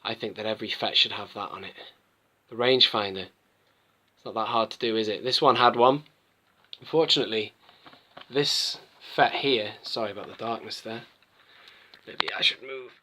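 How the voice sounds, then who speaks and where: A man with a strikingly bright, forward tone talks casually to camera as he reviews collectible figures. He rambles, doubles back and corrects himself as he goes, in an easygoing, conversational manner. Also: on the low side, moderate pace, pauses often, slight background noise. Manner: rambling, chatty, self-interrupting. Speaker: toy collector channel host.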